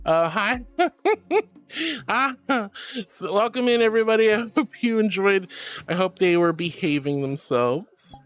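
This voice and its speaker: A VTuber streamer reads her livestream chat, bubbly and giggling, calling viewers sweetie and darling. Her mid-range voice is smooth and moves at a normal speed, with faint music in the background.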